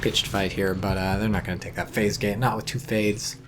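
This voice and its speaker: A man's voice: fairly low pitch, brisk, background noise. Man rambling through solo game commentary. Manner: rambling, deadpan jokey asides. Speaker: esports caster.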